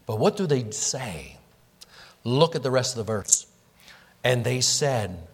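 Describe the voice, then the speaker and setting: A man's voice: mid-range voice, lively intonation, slow, long pauses, breathy edge. A man preaching an expository sermon verse by verse, earnest and explanatory, posing rhetorical questions to his congregation. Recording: long reverb of a hall.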